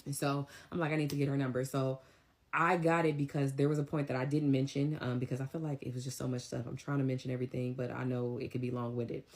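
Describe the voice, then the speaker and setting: Low-voiced woman telling a story. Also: fast. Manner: animated, blunt, acts out dialogue. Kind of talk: casual storytime vlog.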